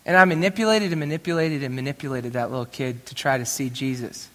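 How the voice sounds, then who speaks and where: A man preaching, telling a personal story with dramatic shifts between loud moments and hushed asides. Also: medium pitch, quick pace. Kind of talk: sermon storytelling. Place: live church event in a large hall. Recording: reverberant hall.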